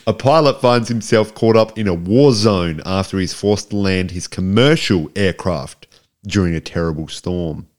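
Low-voiced rambling man on a podcast. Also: normal speed. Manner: loose, rambling, peppered with "like". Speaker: podcast co-host. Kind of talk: casual movie review chat.

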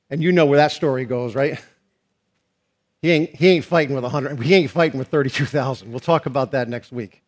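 A man preaches a sermon to his congregation in a high, bright voice. He builds to near shouts and then drops to hushed, slow phrases. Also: lively intonation. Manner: dynamic preaching, rising to shouts and dropping to hushed tones. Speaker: pastor.

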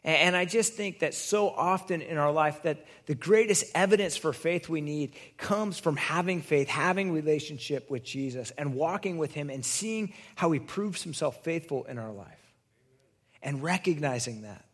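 Male pastor, conversational sermon, slightly higher pitch, husky, restarts his sentences. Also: normal speed, fairly bright tone.

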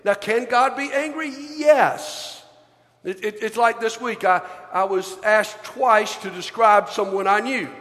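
A man's voice: sits high, normal speed, few pauses, bright, forceful tone. A man preaching a sermon to his congregation, in a folksy storytelling way, and leading them in a reading. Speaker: pastor. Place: large church sanctuary. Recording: long church-hall reverb.

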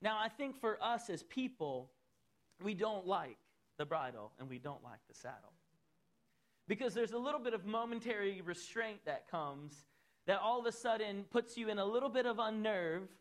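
A man preaching a sermon as pastor in a church, swinging between loud, rising appeals and soft, low asides. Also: sing-song, normal speed.

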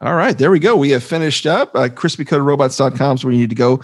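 A man's voice: medium pitch, quick pace, background noise. A man co-hosting a casual movie podcast, chatty and easygoing, often breaking into laughter. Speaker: podcast co-host.

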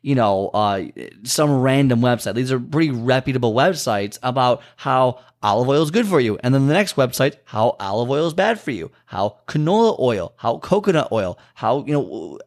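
A man's voice: mid-range voice, sing-song, normal speed. A man who works as a fitness and nutrition trainer, talking casually on his own podcast and rambling with lots of fillers and repeats.

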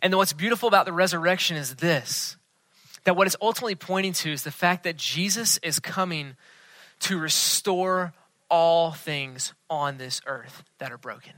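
A male pastor delivers a sermon in an earnest voice, sinking to a near hush to press home a point. His voice sits a touch high and sounds bright and sharp. The sound is dry and close. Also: normal speed, no room sound. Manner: earnest, dropping to a hush for emphasis.

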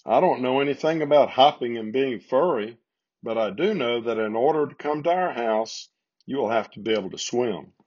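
A man voicing a practical male beaver in a storybook, plain and matter-of-fact, husky, in slightly muffled lo-fi sound. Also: medium pitch, normal speed, a little mellow, close to an everyday voice.

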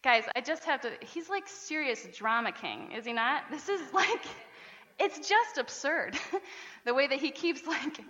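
A woman pastor preaching a sermon in a chatty, animated way, often laughing between points. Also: high voice, unhurried. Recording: reverberant church hall.

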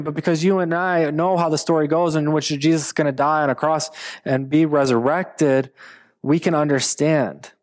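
A man in his thirties, a pastor preaching a sermon with animated, playful storytelling. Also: a little high.

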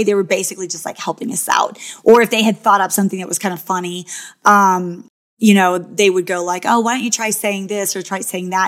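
A woman who was once on a reality show, telling stories in a casual, chatty way, full of "like" and "you know", and acting out quotes in quick bursts. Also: mid-range voice, fairly bright tone. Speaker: former reality show contestant. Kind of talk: casual storytelling.

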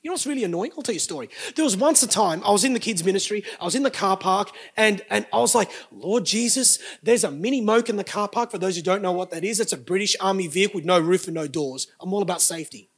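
A man's voice: high voice, fast, hardly any pauses, husky. A man, preaching a sermon as pastor with emphatic bursts and joking asides to the congregation.

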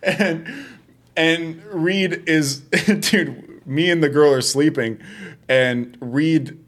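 A man's voice: a little high, extremely slow, a bit bright. A young man co-hosting a podcast, telling stories in casual chat, swearing freely and often laughing through his words. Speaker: podcast co-host.

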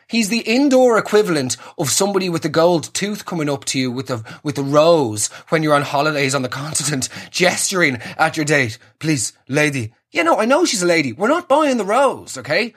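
A young man with a husky voice, giving an exasperated, sarcastic comic rant that swings from high squeals to low mutters. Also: a bit bright. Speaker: comedian.

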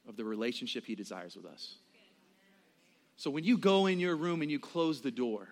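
A man in his early thirties preaching a sermon in a conversational way, with quick asides and acted-out quotes. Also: medium pitch, fairly bright tone. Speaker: pastor.

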